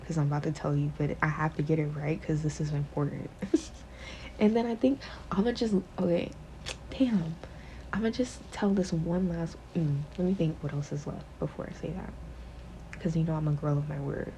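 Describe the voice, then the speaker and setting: A woman on a podcast walks through a book's storyline in a loose, rambling way, with plenty of swearing and fillers. She has a low, mellow voice, and slight background noise can be heard.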